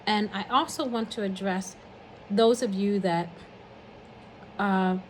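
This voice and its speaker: A woman's voice: mid-range voice, fairly even intonation, slow pace, a little hiss or hum, low-quality recording. Earnest older woman giving encouragement. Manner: earnest, encouraging, counts off numbered points. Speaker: speaker giving a message of encouragement. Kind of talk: heartfelt spoken message.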